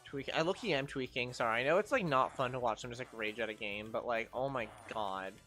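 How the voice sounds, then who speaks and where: A woman's voice: a bass voice, fairly quick, a bit bright, faint music behind. A young woman streaming gameplay, ranting in exasperation, swearing and scolding the game's creatures as she plays. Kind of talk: live gameplay commentary.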